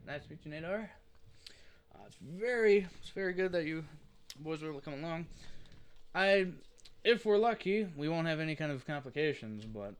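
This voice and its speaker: A man's voice: a little high, animated, moderate pace, pauses often, clean tone. A man acting as game master in a casual tabletop role-play session, speaking playfully with frequent laughs. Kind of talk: narrating and voicing a tabletop game.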